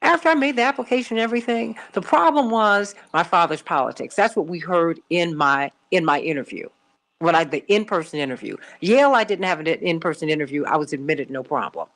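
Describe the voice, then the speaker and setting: A woman's voice: on the low side, animated, fairly quick, a bit bright. A middle-aged woman from Chicago hosting a call-in radio show, telling a personal story emphatically and repeating herself for stress. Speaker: radio talk show host.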